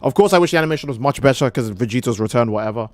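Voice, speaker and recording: A man's voice: mid-range voice, animated, very fast, dry recording. Profane, heated male streamer ranting. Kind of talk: casual live-stream rant.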